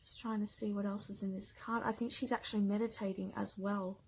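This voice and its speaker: A woman giving a pick-a-card tarot reading, speaking gently and affectionately, getting emotional and often checking in with "okay?". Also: mid-range voice, level tone, fairly quick, slight background noise, rough recording.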